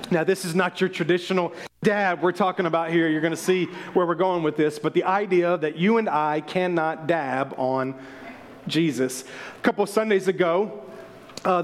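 Passionate high-voiced male pastor preaching. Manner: passionate, building to near shouting. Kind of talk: sermon. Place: church sanctuary.

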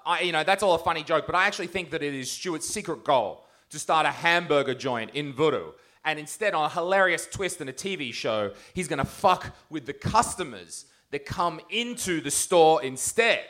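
A man's voice: on the high side, sharp tone. A man doing live stand-up on a comedy stage, roasting people in the audience with crude, mocking banter.

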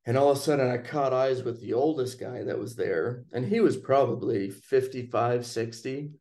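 Relaxed man with a dark voice, telling a story. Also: medium pitch, normal speed. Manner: relaxed, chatty, acts out quoted lines. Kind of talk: casual storytelling conversation.

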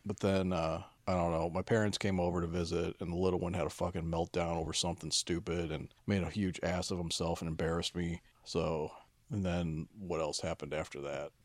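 A man's voice: sits low, flat delivery, brisk, no echo. A man in his thirties, co-hosting a podcast, telling stories in a casual, profane way. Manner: profane, storytelling, acts out kids' voices. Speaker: podcast co-host. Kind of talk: casual chat.

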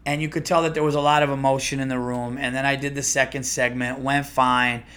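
A man's voice: mid-range voice, little pitch movement, a little fast, a bit bright, smooth. A man, a comedian and podcast host, telling a rambling, profane story with many restarts. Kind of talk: casual storytelling monologue.

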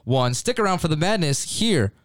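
A man hosting a sports talk show in a studio, upbeat and quick to laugh. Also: a little high, big pitch swings, background noise. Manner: upbeat, laughs between lines. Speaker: host.

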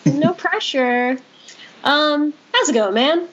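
A woman hosting a casual podcast, talking in an animated way with quick asides. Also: sits high, slight background noise. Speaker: podcast host. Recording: dull lo-fi sound.

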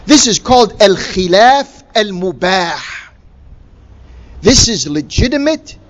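A man's voice: high-pitched, very animated, slow pace. A man giving a religious lecture, emphatic and full of rhetorical questions. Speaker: Islamic lecturer.

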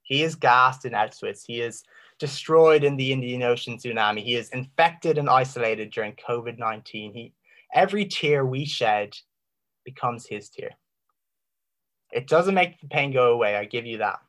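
Man, impassioned preacher, rhetorical questions, dramatic pauses, middle pitch. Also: fairly bright tone. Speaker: Christian speaker. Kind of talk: apologetics talk.

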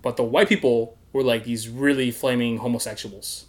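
A man's voice: medium pitch, fairly even intonation, normal speed. A man telling a story in casual chat, laughing often and acting out other people's voices.

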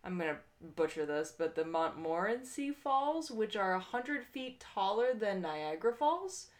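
A woman's voice: medium pitch, big pitch swings, unhurried. Chatty woman podcast co-host. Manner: chatty, laughs easily, rambling storyteller. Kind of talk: casual chat.

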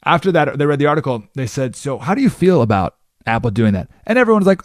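A man hosting a talk radio show, explaining ideas in a monologue and acting out the people he quotes in quick character voices. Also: mid-range voice, sing-song, no echo, studio quality. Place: radio studio.

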